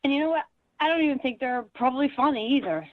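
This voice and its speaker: A woman's voice: sits high, expressive, quick pace. A woman calling in to a radio show, talking in an indignant, defensive, complaining way. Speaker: caller. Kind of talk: phone-in radio chat. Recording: dull lo-fi phone line.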